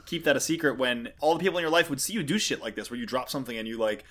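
A man's voice: mid-range voice, expressive, very fast, fairly bright tone. A man in a casual comic book discussion, musing aloud in a self-deprecating way.

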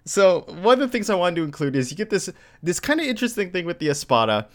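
A man's voice: sits high, sing-song, fast talker. A man hosting a casual podcast chat, recapping a story and laughing often. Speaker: podcast host.

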